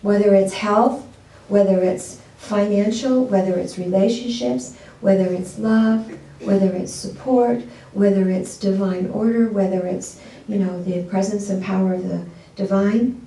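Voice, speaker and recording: A woman's voice: mid-range voice, fairly even intonation, unhurried, warm tone, roomy sound, recorded from a distance, rough recording. A woman pastor giving a sermon in a conversational way, asking the congregation questions and telling a story.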